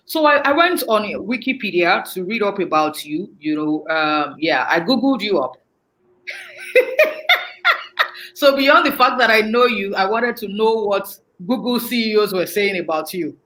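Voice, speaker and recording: A woman's voice: mid-range voice, fairly bright tone, low-quality recording. A woman hosting a live online interview, chatty and playful, laughing often between asides. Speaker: host.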